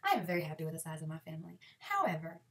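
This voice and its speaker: A woman, giving sarcastic comic advice in a lively way. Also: deep voice, racing, recorded from a distance. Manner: sarcastic, lively, switches into mock voices. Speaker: comedy vlogger.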